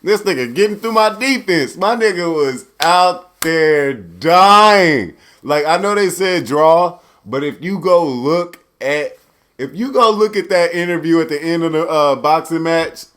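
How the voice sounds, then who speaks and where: A young man hosting a casual solo podcast, loose and profane, swinging from loud outbursts to low mutters. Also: lively intonation, measured pace. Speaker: podcast host.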